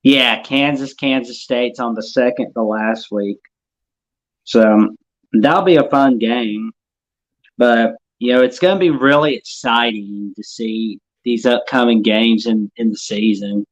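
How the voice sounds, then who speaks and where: Brief: male guest on a call-in show, mid-pitched, relaxed and filler-heavy. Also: unhurried, muffled recording. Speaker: guest caller. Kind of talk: casual sports chat.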